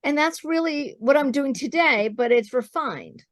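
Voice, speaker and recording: Animated woman telling her business story. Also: sits high, unhurried, no echo, studio quality. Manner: animated storyteller, acts out quoted dialogue. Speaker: guest, business founder. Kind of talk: storytelling interview talk.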